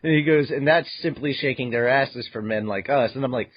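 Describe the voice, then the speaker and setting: A man's voice: medium pitch, a little fast, no room sound, highs cut off. A man hosting a podcast who recaps a manga chapter in casual chat, acting out his own reactions and swearing freely. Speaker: podcast host.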